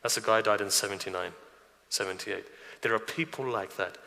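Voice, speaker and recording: A man's voice: lowish voice, brisk, vocal fry, sharp tone. A man giving a sermon, retelling religious traditions with quoted dialogue and asking his listeners direct questions. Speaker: preacher. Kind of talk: sermon storytelling. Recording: long hall reverb.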